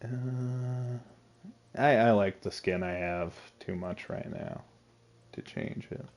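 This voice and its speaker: A man's voice: fairly low pitch, slow pace. A man live-streaming a video game from home at a desk mic, talking casually, joking and laughing often. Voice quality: laughs often, jokey and animated.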